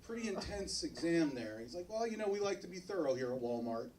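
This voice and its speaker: A man's voice: a little high, fairly quick, recorded from a distance, a crowd in the background, low-quality recording. A man doing a stand-up comedy set on a club stage, acting out the other people in his jokes. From New Jersey, US. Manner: animated, acts out other characters in his jokes.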